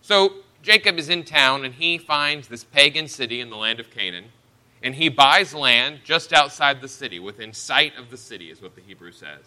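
A man delivers an expository sermon, walking his listeners through scripture. His voice is very bright and forward, sitting at an ordinary middle pitch. He speaks earnestly and lifts his voice to stress key points. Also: animated, normal speed. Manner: expository preaching, verse-by-verse Bible teaching. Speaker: preacher.

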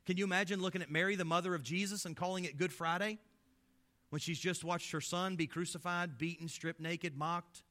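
Male pastor, sermon, rather high voice, sharp bright tone, impassioned, rhetorical questions, loud then hushed. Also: fairly even intonation, a little fast. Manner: impassioned, full of rhetorical questions, swelling and dropping in loudness.

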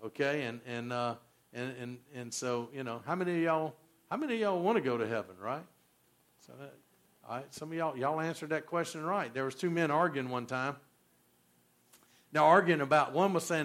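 A man's voice: fairly high pitch, fairly quick. A man, preaching a sermon as pastor, telling stories and quizzing the congregation. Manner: animated storyteller, quizzes the congregation.

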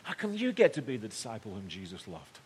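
A middle-aged man preaching a storytelling sermon in a conversational way, swinging between loud emphasis and hushed tones. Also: fairly low pitch, huge pitch swings, quick pace, slight background noise. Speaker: pastor.

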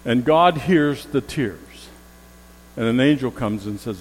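A man preaches in a church sanctuary, and his voice trails off in the long reverb of the hall. He tells stories and acts out what people said, leaning hard into repeated phrases. His pitch sits in an ordinary middle range. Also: animated, a little slow, slight background noise. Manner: storytelling, acts out quoted voices, rising emphasis on repeated phrases. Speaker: pastor. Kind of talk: sermon.

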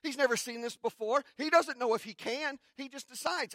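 A man pastor who reads scripture and then preaches in a conversational sermon, with restarts and dramatic pauses. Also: extremely high pitch, a bit bright, no room sound, clean studio sound.

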